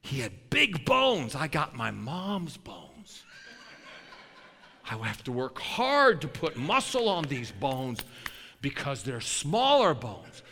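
Fiery, bright-voiced male preacher. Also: fairly high pitch, takes it slowly. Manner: animated, folksy storytelling, builds to shouting. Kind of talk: sermon. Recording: long hall reverb.

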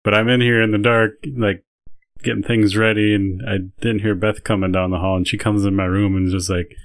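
A man with a somewhat low voice co-hosts a casual podcast. He tells stories in a loose, rambling way and fills them with "like" and "um.". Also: level tone, brisk. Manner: rambling storytelling with many fillers. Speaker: podcast co-host. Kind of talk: casual chat.

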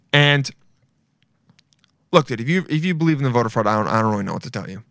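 A man's voice: mid-range voice, expressive, quick pace, pauses often, a bit bright, dry recording, studio quality. A young adult man hosting a podcast, rambling and swearing as he rants in a loose, casual way, often breaking into laughter. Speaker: podcast host. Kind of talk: casual solo podcast rant.

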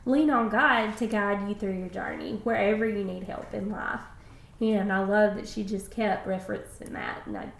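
A woman co-hosting a faith podcast, speaking with enthusiastic, heartfelt warmth. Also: mid-range voice, normal speed, vocal fry, reverberant. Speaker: podcast co-host. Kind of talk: casual faith podcast chat.

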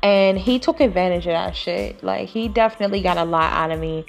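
With soft music in the background, a woman with a lowish, gravelly voice talks a little fast as she hosts her podcast. She shares a personal story in a casual storytelling monologue that's blunt, chatty and full of profanity, addressing the listener as sis like a close friend. It's a podcast voice recording.

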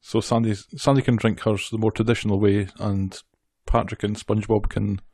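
A woman co-hosting a podcast, chatty, filling in episode details and gently correcting her co-host. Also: extremely low pitch, flat delivery, normal speed, no room sound, clean studio sound. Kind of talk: casual episode recap chat.

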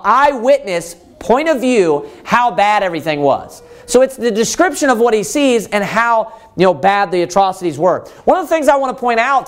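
A man preaching a Bible teaching sermon, pressing his point with emphatic rhetorical questions and frequent fillers. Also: high voice.

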